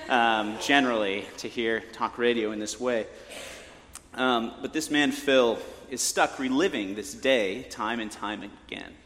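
Male preacher, chatty sermon, mid-pitched voice, long church reverb. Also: fairly bright tone. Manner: conversational, joking asides. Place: church sanctuary.

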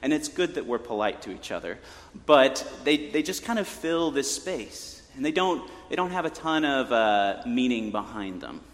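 A man's voice: mid-range voice, sing-song, normal speed. A man preaching a sermon from the pulpit in a conversational way, with joking asides to the congregation. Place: church sanctuary. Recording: long church reverb.

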